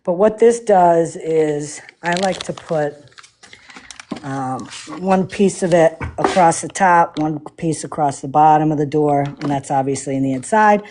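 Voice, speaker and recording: A woman with a deep, dark-toned voice speaks unhurriedly over slight background noise. She's hosting a casual livestream while refinishing furniture, filling her talk with lots of fillers and slipping into playful laughter.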